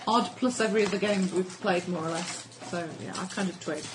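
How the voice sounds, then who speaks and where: A woman's voice: fairly low pitch, brisk, background noise. A woman playing a tabletop game, chatting in a teasing way. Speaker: player. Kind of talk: casual chat at a tabletop game.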